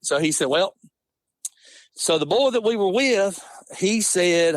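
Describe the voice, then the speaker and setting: A man, telling an animated, laughing hunting story in casual talk. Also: sits high, slow, pauses often, dry recording. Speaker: podcast guest.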